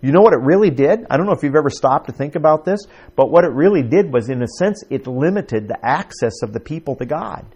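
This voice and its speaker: A man's voice: fairly high pitch, expressive, fast talker, few pauses, darkish tone, husky, muffled recording. A man preaching a conversational sermon to his congregation, asking them questions as he teaches. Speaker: pastor.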